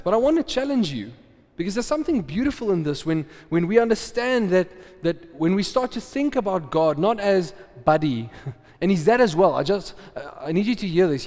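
A man preaching in a casual, chatty way, tossing questions at the congregation and laughing easily. His voice sits a little high for a man. A long reverb trails each phrase through the hall. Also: big pitch swings, normal speed, a little mellow. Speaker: pastor. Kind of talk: sermon.

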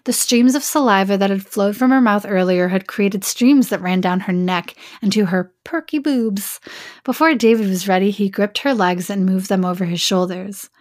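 A woman's voice: medium pitch, normal speed, a little mellow, no room sound. Dry-voiced woman reading a story aloud. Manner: reads aloud, breaking off into joking asides. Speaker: podcast host and story reader. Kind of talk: comic reading of an erotic story.

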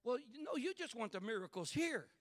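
A man preaching a fervent sermon in church, building to shouts and calling out to the congregation. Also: very high-pitched, sing-song, brisk, no room sound, studio quality.

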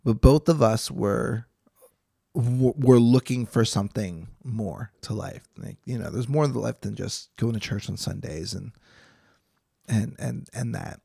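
A man's voice: mid-range voice, unhurried, vocal fry, warm tone, slightly rough, no room sound, clean studio sound. A young man hosting a Bible study podcast, reading scripture and chatting casually with jokes and frequent restarts. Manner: chatty, jokey, self-interrupting.

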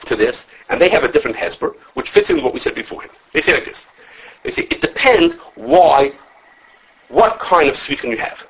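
A man full of gives a quick, informal halachic class, correcting himself as he goes. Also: fairly high pitch, breathy edge. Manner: animated, quick, self-correcting, answers questions. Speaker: Torah teacher. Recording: dull lo-fi recording.

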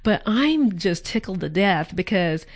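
A woman in her forties chats on a podcast, spinning family stories with bubbly, animated enthusiasm. Her voice sits at an ordinary middle pitch for a woman. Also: measured pace. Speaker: podcast co-host. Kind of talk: casual family chat.

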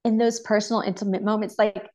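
A mother who is a podcast guest, sharing a personal faith story in an earnest, openly emotional way and laughing softly between thoughts. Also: mid-range voice, flat delivery, fast talker. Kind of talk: personal faith testimony in casual chat.

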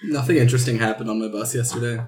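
A man's voice: mid-range voice, fairly even intonation, rapid-fire, darkish tone. A man talking bluntly and swearing freely in a casual chat. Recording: echoey room.

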